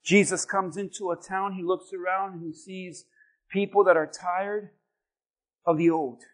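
A man preaching a sermon as pastor, telling stories animatedly and swinging between loud bursts and hushed lines. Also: high-pitched, little pitch movement, a little slow.

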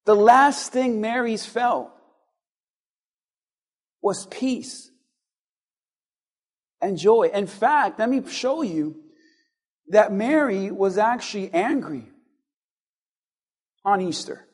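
High-voiced male pastor preaching in rhetorical questions. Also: animated. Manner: strings of rhetorical questions, dramatic pauses, swings between hushed and loud. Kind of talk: sermon.

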